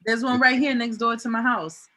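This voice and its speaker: A woman's voice: on the high side, fairly even intonation, moderate pace, pushed and bright. A woman with a New York accent, chatting casually in laid-back slang. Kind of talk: casual chat.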